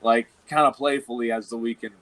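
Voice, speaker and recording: A man's voice: medium pitch, fairly even intonation, brisk, a bit bright, no room sound, poor audio. Profane, laughing man telling stories. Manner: profane and laughing, rambling anecdotes. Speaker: professional wrestler guest. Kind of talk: casual storytelling.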